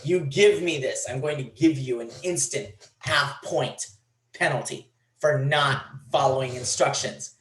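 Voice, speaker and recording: A man's voice: medium pitch, a little slow, fairly bright tone, echoey room, low-quality recording. A man teaching a programming class, blunt and teasing, in a classroom. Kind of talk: classroom lecture.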